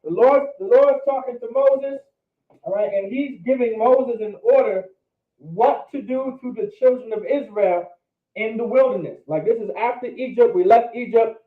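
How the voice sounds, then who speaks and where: A man's voice: very high voice, moderate pace. A man teaching a Hebrew grammar class, patiently checking that everyone follows. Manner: patient, checks understanding with repeated questions. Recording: roomy, distant, phone-like lo-fi.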